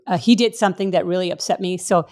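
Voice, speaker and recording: A middle-aged woman from Puerto Rico co-hosting a casual faith podcast, an animated storyteller who acts out the people she quotes with big leaps in pitch. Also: fast. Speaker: co-host.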